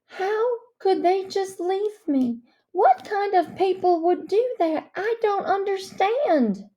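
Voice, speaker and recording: A woman's voice: sits high, big pitch swings, takes it slowly, warm tone, heavily acted. A woman voicing a theatrical young girl who believes she is cursed, in a storybook reading. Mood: anguished. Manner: theatrical, heightened.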